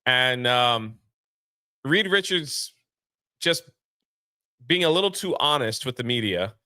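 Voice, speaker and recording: A man's voice: mid-range voice, slow pace, dry recording, clean studio sound. A man co-hosting a casual movie review, retelling scenes animatedly and acting out the characters' lines. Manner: animated retelling with quoted voices. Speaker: podcast co-host.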